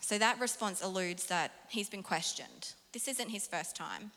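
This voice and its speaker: A woman preaching a sermon from personal stories, animated and self-mocking, laughing often. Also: mid-range voice, a little slow. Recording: long hall reverb.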